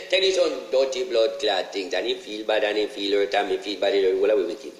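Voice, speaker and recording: A man with a Jamaican accent delivering a casual, preachy monologue, profane and repetitive, his voice jumping high whenever he drives a point home. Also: fairly quick, hardly any pauses, a bit bright, echoey room, low-quality recording. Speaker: online ranter.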